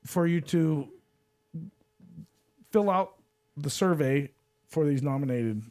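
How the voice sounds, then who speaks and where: A man co-hosting a laid-back podcast, talking in loose, rambling bursts. He jokes around and likes to put on goofy voices. His voice sits a little high for a man. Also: takes it slowly, a little mellow. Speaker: podcast co-host. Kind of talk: casual chat.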